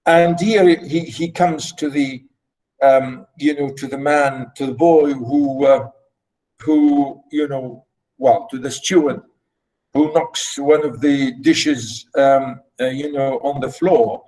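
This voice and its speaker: A male literature teacher explaining a play in a lecture, halting, with many fillers and restarts. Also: mid-range voice, fairly even intonation, darkish tone, rough recording. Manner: halting, full of fillers and restarts, repeats himself.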